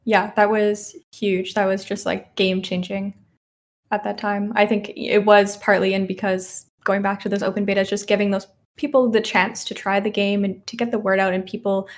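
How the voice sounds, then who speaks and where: A woman's voice: medium pitch, little pitch movement, normal speed. A woman speaking from home as a game developer guest in an interview, upbeat and enthusiastic. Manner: upbeat, enthusiastic, many yeahs. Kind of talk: casual interview answers.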